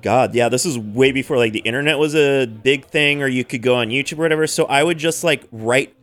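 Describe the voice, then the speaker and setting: A man co-hosting a radio show at a studio mic. He tells long stories in a casual, rambling way, full of fillers and swearing, with a voice of ordinary pitch. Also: fairly quick, fairly bright tone. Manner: chatty, profane storytelling with many fillers. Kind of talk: casual chat.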